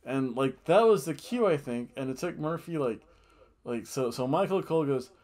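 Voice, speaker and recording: A man hosting a casual wrestling review podcast, rambling and animated, often laughing and booing in mock outrage. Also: mid-range voice, moderate pace. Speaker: podcast host.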